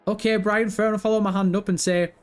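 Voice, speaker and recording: A man's voice: sits high, little pitch movement, fast talker. Sweary man chatting on livestream. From Britain. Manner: chatty, sweary, teasing chat readers. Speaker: livestream host. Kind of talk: casual livestream chat. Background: faint background music.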